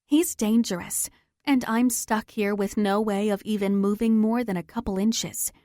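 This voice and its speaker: A woman's voice: mid-range voice, steady tone, normal speed, mellow, dry recording, clean studio sound. A woman narrating a first-person romance audiobook in a tense, dramatic manner.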